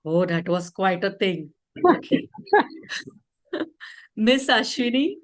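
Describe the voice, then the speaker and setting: Slow, calm woman leading teacher training. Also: medium pitch, rough recording. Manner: calm, explanatory, checks in with "okay?". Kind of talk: online teacher training session. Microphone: video call.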